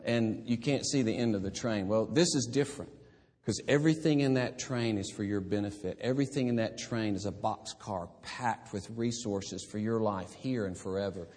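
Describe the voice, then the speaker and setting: A man preaching a sermon as pastor, moving from casual storytelling to emphatic, forceful preaching. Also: on the low side, moderate pace. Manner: conversational then building to emphatic preaching. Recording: long church reverb.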